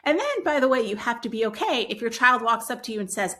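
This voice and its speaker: Calm woman explaining parenting advice. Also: a little high, brisk, few pauses. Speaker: parenting educator. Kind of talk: solo advice talk.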